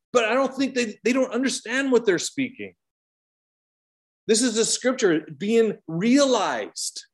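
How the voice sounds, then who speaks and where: High-voiced Canadian man teaching Bible study. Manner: conversational, rhetorical questions, side tangents.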